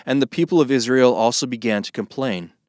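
A man reading scripture aloud in a steady, measured way. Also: medium pitch, no echo, studio quality. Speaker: Bible reader.

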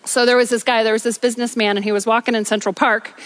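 A woman preacher delivering an energetic sermon on a church stage, telling stories with rhythmic repetition. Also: on the high side, fast talker. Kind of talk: sermon with storytelling.

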